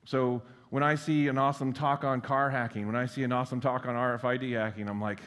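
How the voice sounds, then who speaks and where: Delivering a conference keynote, a man speaks quickly in a medium-pitched, fairly bright voice with fairly even intonation. He's casual and self-deprecating, full of fillers and blunt swearing. The long reverb of a large conference hall surrounds his words.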